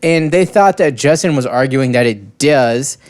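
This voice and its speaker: A man's voice: mid-range voice, expressive, measured pace. A young man co-hosting a casual podcast, telling stories in a rambling, profane way with many restarts. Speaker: podcast co-host. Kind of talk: casual comedic podcast banter.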